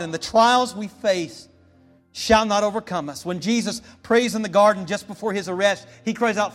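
Impassioned high-voiced male preacher. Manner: impassioned preaching, rising to shouts, then calm teaching. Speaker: pastor. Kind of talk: sermon.

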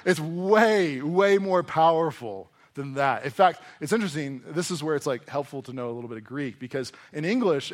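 A man preaching a sermon to a congregation in a conversational, animated way, often acting out voices as he reads and explains scripture. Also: medium pitch. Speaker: pastor. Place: church hall before a congregation.

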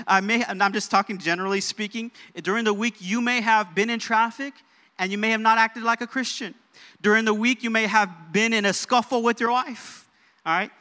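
A young man preaching a sermon in a church, energetic and calling out for amens from the crowd. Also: high-pitched, normal speed. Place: church sanctuary. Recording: reverberant church hall.

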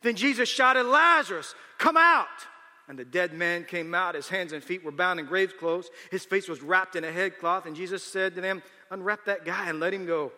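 A man's voice: sits high, steady tone, a little fast, hardly any pauses, bright, forceful tone. A man preaching a sermon, retelling a scripture story and then building emphasis as he explains it to the congregation. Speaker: pastor. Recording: long hall reverb.

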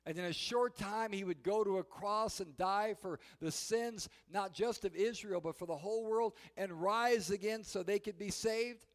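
A man preaching a sermon, telling the story in an animated way and shouting the quoted cries. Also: high-pitched, normal speed, hardly any pauses. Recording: long hall reverb.

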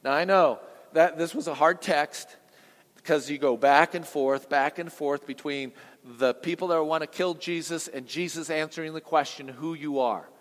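Pastor guy preaching, goes quiet then booms out, fairly high voice, big echoey church hall. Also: normal speed. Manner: dynamic preaching, swinging from hushed to booming; asks the congregation questions. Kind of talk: sermon.

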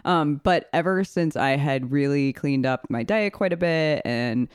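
A woman's voice: low voice, measured pace, clean tone, no room sound, clean studio sound. A woman co-hosting a podcast in casual, chatty talk with many fillers. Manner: chatty, filler-heavy, laughs easily. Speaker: podcast co-host.

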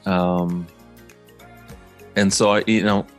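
A man's voice: low-pitched, level tone, slow, faint music behind. A man hosting a podcast in casual chat, thoughtful and asking probing questions. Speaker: podcast host.

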